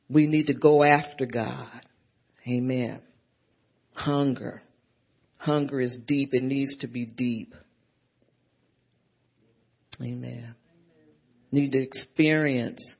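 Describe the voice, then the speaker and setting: Slow-preaching woman on a dull recording. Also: low-pitched. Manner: preaching with frequent amens and hallelujahs; repeats and builds phrases. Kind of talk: sermon.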